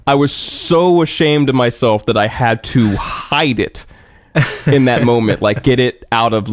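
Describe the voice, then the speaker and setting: A man's voice: medium pitch, measured pace, no echo, studio quality. A young man co-hosting a podcast, telling a rambling, profane story in casual chat. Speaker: podcast co-host.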